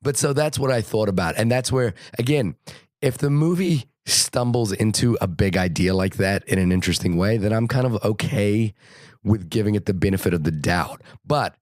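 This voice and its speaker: Very deep-voiced man with a sore throat. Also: normal speed, darkish tone, no room sound, clean studio sound. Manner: hesitant, stumbling restarts. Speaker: podcast co-host. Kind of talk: casual film podcast chat.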